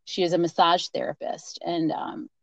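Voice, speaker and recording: A woman's voice: fairly low pitch, little pitch movement, moderate pace, no room sound, highs cut off. A woman guest in a casual conversation, talking thoughtfully and hesitantly. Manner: thoughtful, hesitant, many fillers and restarts.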